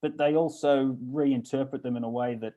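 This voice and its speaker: An older man, a film festival director, talks as a podcast guest. He speaks in a thoughtful, measured way, pausing on small fillers. His voice sits at a plain middle pitch. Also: fairly even intonation, dark tone, rough recording. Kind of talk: casual interview chat.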